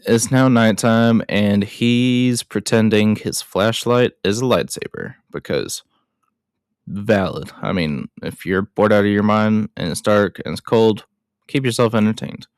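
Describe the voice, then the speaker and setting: Slow, self-deprecating movie recap man. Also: on the low side, clear, resonant tone, no echo, clean studio sound. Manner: self-deprecating, chatty asides. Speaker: film recap host. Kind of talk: casual film recap.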